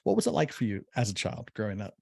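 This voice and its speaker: An American man hosting a podcast interview, often halting with fillers and restarting his sentences. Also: on the low side, sing-song, vocal fry, mellow, slightly rough, no room sound, clean studio sound. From United States. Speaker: podcast host.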